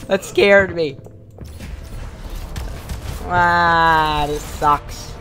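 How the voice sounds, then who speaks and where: A young adult doing casual gameplay commentary, excitable, yelping and joking about themselves. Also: medium pitch, slow, pauses often. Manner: excitable, yelps and self-mocking banter. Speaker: gaming channel host. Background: game music and gunfire.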